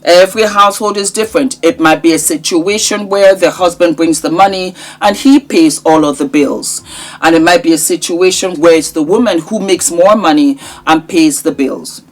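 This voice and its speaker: Woman vlogger chatting to her viewers, kinda low voice, lively and affectionate. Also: normal speed. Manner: affectionate, animated, sings words at times. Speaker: vlogger host. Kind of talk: casual chatty vlog.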